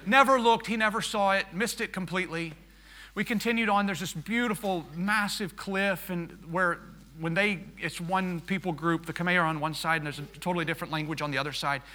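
A man with a very bright, forceful voice that sits a little high delivers a sermon as a story. He acts out the exchanges with energy, then drops to a soft, hushed tone when he reflects. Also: fairly even intonation, fairly quick. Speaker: missionary pilot preaching.

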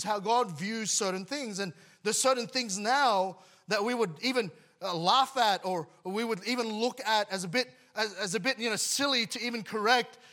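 A man's voice: sits high, pushed and bright. A man preaching a sermon to his congregation, emphatic, often restarting words and letting his voice drop at the end of phrases. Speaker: pastor.

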